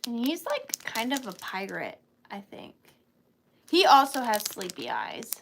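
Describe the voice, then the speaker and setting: A woman's voice: a little high, wildly swooping pitch, measured pace, creaky, slight background noise. A woman hosting a live online sale of vintage items, chatting casually and gushing over each piece. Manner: chatty and gushing, calls items little cuties.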